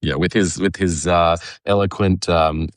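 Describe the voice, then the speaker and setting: Deep-voiced Australian man, dry sound. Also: steady tone, no room sound. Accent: Australian, partly Americanized. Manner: halting, many fillers and restarts, laughs often. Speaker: cartoonist guest. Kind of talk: casual conversation while drawing.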